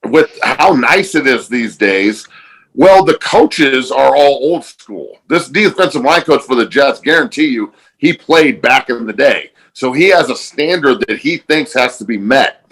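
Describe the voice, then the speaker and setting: A man's voice: mid-range voice, animated, a little slow, fairly bright tone, rough recording. A man hosting a podcast, talking bluntly and emphatically in casual chat, with frequent swearing. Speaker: podcast host.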